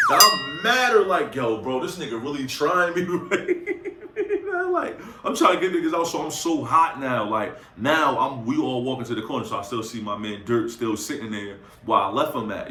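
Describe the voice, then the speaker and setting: Young man, bright forceful voice, animated slangy storyteller, roomy echo. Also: mid-range voice, fairly quick, hardly any pauses, a little hiss or hum. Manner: animated, slangy, acts out quotes. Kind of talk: casual storytime anecdote.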